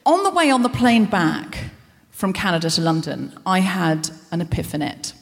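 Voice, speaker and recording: A woman's voice: lowish voice, animated, normal speed, vocal fry. A woman hosting a live comedy show, giving a self-deprecating stand-up monologue full of rambling asides, in a large concert hall before an audience. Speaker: host.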